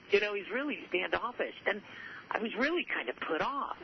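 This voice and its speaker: A man's voice: high voice, lively intonation, a little fast, gravelly. Upbeat man telling stories in interview. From southern California. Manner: earnest, repeats himself, upbeat. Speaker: author and guest. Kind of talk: conversational interview storytelling. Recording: muffled audio with faint noise.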